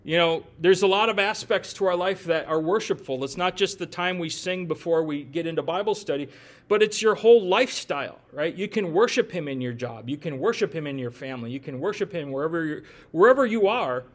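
A middle-aged man, preaching in a loose, conversational way. His voice sits a bit high for a man. He asks the listeners questions and drops joking asides as he talks. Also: expressive, fairly quick. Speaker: pastor. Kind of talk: conversational sermon.

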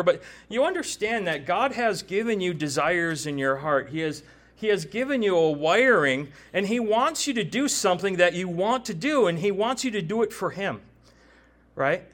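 A preacher and tattoo artist in his forties, his voice sitting high and a bit bright, delivers a sermon built on personal testimony. He speaks conversationally and animatedly, often checking in with "right?"

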